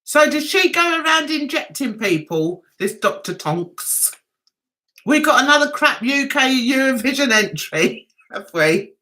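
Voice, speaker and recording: Middle-aged woman on a livestream, high bubbly voice, laughs a lot, chats to viewers. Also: big pitch swings, unhurried, sharp tone. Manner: chatty, laughs often, talks straight to viewers. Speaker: livestream host. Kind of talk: casual livestream chat, reading comments aloud.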